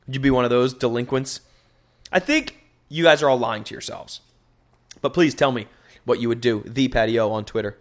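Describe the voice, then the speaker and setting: A man hosting a solo podcast, rambling in an animated, profane way into a microphone. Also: medium pitch. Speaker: podcast host.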